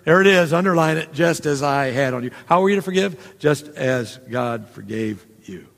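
A man with a high, gravelly voice preaches a sermon in a chatty way, dropping asides to his listeners. His voice rings with a long reverb, as if in a church sanctuary. He acts out quoted lines as he goes. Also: animated, moderate pace, fairly bright tone. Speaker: pastor.

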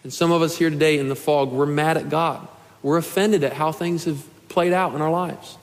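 A young man in his twenties delivers a sermon to his congregation in a somewhat high voice. He speaks earnestly and pleads with his listeners, sometimes rising to a shout. His words ring out with a long reverb through a church hall. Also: fairly even intonation, normal speed. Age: 20s. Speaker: pastor. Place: church sanctuary.

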